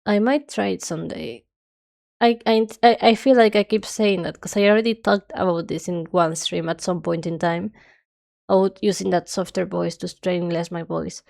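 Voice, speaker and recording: A woman's voice: lowish voice, fairly even intonation, moderate pace, gravelly, darkish tone. A young woman streamer chatting casually and rambling nonstop while she draws, her nose stuffy. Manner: rambling, chatty, self-described yapping.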